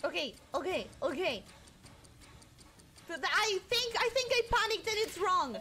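Brief: woman streamer, very high bright voice, bouncy and excitable, faint music behind. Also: unhurried. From Argentina. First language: Spanish. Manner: excitable, exclaims and shouts while playing. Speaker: VTuber streamer. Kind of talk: live game stream chat.

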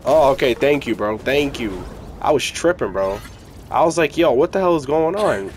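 Excitable young man yelling over gameplay. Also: mid-range voice, normal speed, slight background noise. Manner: excitable, yelling, slangy, hype. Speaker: gaming streamer. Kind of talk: casual gameplay commentary.

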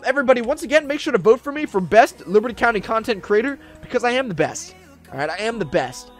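Excitable male gamer, high voice, rambling roleplay commentary, faint music behind. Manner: excitable, barking commands, rambling with fillers. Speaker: roleplay YouTuber.

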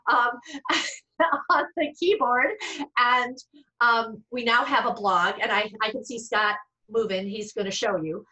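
A middle-aged woman speech-language pathologist explains cases to colleagues over a video call. Her voice is bright and forward, and she talks in a chatty way, restarting sentences and tossing in self-deprecating asides. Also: a little high, steady tone, normal speed, low-quality recording. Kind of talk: explaining to fellow clinicians.

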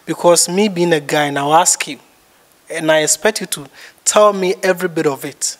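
Man, Ghanaian accent, guest, rambling, repetitive, high-pitched. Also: normal speed. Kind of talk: casual opinion chat.

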